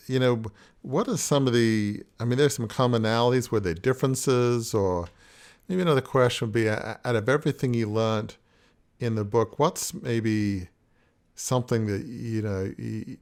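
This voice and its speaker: A man's voice: medium pitch, unhurried, a little mellow, smooth. A man hosting a podcast interview who reflects aloud and asks searching questions. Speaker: podcast host.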